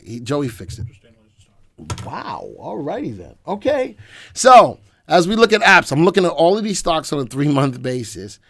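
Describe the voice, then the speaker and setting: A hoarse man hosting a live stock-market show, talking upbeat to viewers while he clicks through charts. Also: fairly high pitch, no echo, studio quality. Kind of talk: live webinar commentary.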